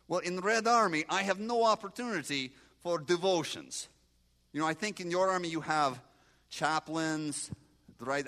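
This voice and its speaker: A man in his sixties from Moldova with a Moldovan accent and broken English, giving an animated testimony sermon and talking back to his audience. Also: on the high side. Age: 60s. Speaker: guest preacher.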